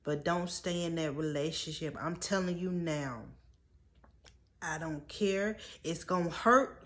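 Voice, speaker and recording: Slow, tearful woman pleading earnestly. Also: fairly low pitch, fairly even intonation. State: holding back tears. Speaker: vlogger. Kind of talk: storytime vlog.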